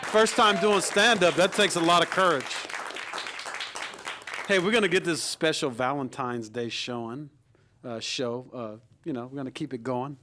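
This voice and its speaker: A man's voice: a little high, moderate pace. A man hosting a comedy show, hyping the crowd and introducing the next act. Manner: hyping the crowd between acts. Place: comedy club. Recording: noisy crowded club.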